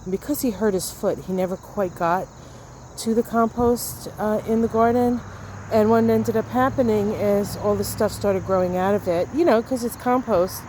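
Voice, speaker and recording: A woman's voice: mid-range voice, moderate pace, a little mellow, slight background noise. Chatty woman filming in her garden. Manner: chatty, enthusiastic, trailing off with fillers. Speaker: astrology vlogger. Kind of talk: casual chat to camera. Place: outdoors in a garden.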